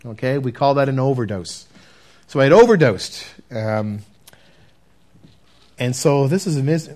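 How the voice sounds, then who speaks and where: A man preaching a sermon and telling his testimony earnestly, talking straight to the congregation and dropping to a hush at key moments. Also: mid-range voice. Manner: earnest, addresses listeners directly, swings from loud to hushed.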